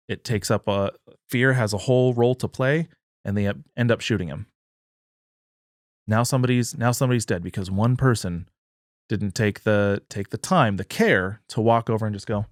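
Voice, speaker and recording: A man's voice: on the low side, no echo, clean studio sound. A man talking earnestly in a political discussion and acting out the quoted dialogue. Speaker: podcast guest, party chair.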